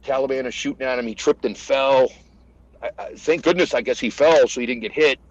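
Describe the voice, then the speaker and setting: A retired American master sergeant, a man, retelling combat stories in casual conversation and acting out the shouted lines. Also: mid-range voice, a little fast, dry recording, highs cut off. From United States. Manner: animated retelling, acts out shouted quotes. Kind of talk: conversational war storytelling.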